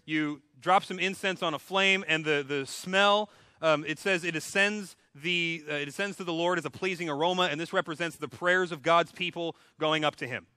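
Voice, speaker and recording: A man's voice: on the high side, moderate pace, pushed and bright, no room sound. A man preaching a sermon as pastor, retelling scripture in a casual, humorous storytelling way. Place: church.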